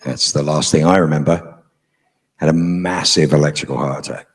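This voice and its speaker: Middle-aged guy on a con panel, swears a lot, dry humor, low husky voice. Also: steady tone, normal speed. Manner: frank, profane, dryly humorous storytelling. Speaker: convention panel guest. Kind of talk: storytelling to a live audience.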